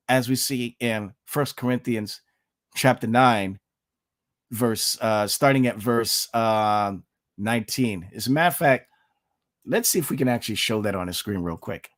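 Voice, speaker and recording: An online commentator gives blunt, sarcastic reactions, sprinkling in "okay?" and "you know," and slipping into a preacher's cadence whenever he quotes scripture. His voice is medium-pitched, recorded with clean studio sound and no room sound.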